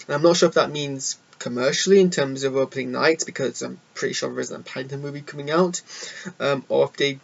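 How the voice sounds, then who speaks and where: A man's voice: medium pitch, creaky, highs cut off. A young man casually rambling through his thoughts on a film, chatty and self-deprecating. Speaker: film reviewer. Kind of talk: casual solo film review. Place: indoor room.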